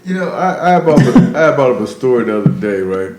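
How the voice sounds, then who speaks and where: A man's voice: mid-range voice, big pitch swings, a little fast, a little mellow, echoey room. A man telling a story in a casual podcast chat, loose and rambling, checking in with "right?".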